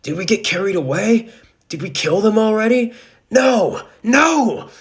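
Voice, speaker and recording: A man voicing a huge, blind, bloodthirsty chimera beast in frenzied, screeching shouts. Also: sits high, expressive, unhurried, pitched above the performer's own voice.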